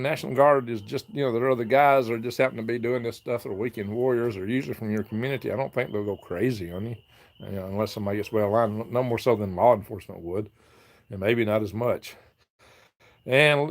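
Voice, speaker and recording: A man hosts a casual live broadcast, reading viewer comments and chatting back to them. He laughs often and talks in a loose, rambling way. His voice sits in an ordinary middle pitch. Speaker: livestream host reading chat.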